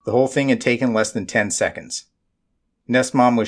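A man narrating an audiobook in a measured, dry way. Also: medium pitch.

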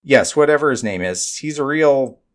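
A man's voice: mid-range voice, animated, normal speed, voice pushed up, lightly acted. A man voicing a bossy female alien colony governor who talks down to everyone, haughty and scolding. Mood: imperious.

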